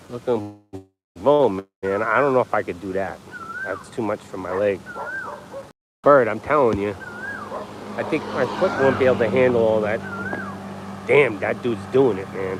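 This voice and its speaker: A man's voice: on the low side, measured pace, long pauses. A man rambling casually on a livestream from a beach, chatty and jokey, leaning on "you know what I mean". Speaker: livestream vlogger. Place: outdoors on a beach with birds and traffic. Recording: outdoor background noise.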